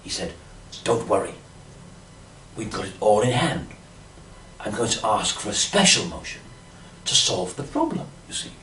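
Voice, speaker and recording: Rambling dotty Englishman, very animated pitch. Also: normal speed, pauses often, echoey room, distant mic, a little hiss or hum. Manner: dotty, fussy posh-English rambling with many "you see"s. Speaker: comic storyteller. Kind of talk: rambling comic monologue.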